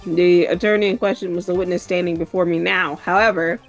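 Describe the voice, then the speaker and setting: A woman's voice: fairly low pitch, steady tone, fairly quick, faint music behind, close to an everyday voice. A woman reading as a stern old judge. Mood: formal. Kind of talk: reading game dialogue aloud.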